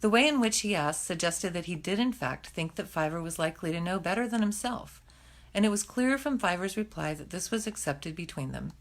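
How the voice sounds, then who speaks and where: A woman reading a novel aloud in a gentle, plain storytelling manner. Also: on the low side, lively intonation, fairly quick. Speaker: reader.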